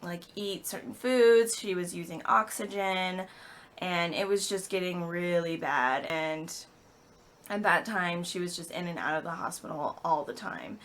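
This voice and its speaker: A young woman in her twenties, a vlogger, telling an emotional personal story with halting speech and many fillers. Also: fairly low pitch, fairly bright tone.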